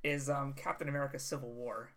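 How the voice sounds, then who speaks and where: A young man co-hosting a podcast in casual chat, animated and swearing freely. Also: mid-range voice, fast talker, crowd noise. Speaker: podcast co-host.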